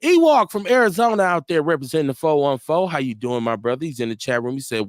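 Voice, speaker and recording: A man hosts a casual livestream talk show in a relaxed, joking way, reading viewer comments aloud. His voice sits a little high, and the sound is dry and close to the mic with hardly any room around it. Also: a little fast, dry recording. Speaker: host.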